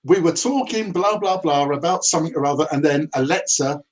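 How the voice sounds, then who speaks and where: A man's voice: on the high side, brisk. A man hosting a casual livestream chat in an easygoing, reflective way. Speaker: host.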